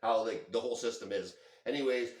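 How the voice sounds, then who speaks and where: A man telling a story to his camera in a casual, rambling, excitable way, full of swearing. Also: mid-range voice, brisk. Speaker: vlogger. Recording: echoey room.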